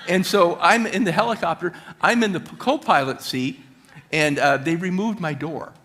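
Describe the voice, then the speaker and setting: A middle-aged man giving a motivational talk at a church, telling stories with high energy. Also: moderate pace, a bit bright, slight background noise. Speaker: guest speaker.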